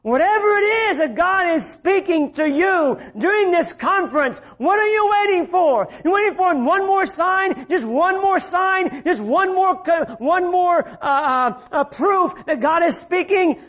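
A man preaching at a very high pitch for a male voice, drawing his words out slowly. He swings between shouted appeals and hushed, low passages. The recording sounds dull and lo-fi. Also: expressive. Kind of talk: sermon.

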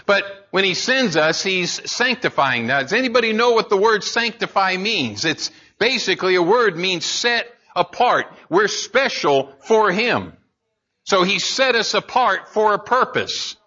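Guy preaching a sermon, kinda high bright voice, earnest, restarts a lot, muffled lo-fi recording. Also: lively intonation, unhurried. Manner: earnest preaching with rising emphasis and repeated restarts. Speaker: pastor.

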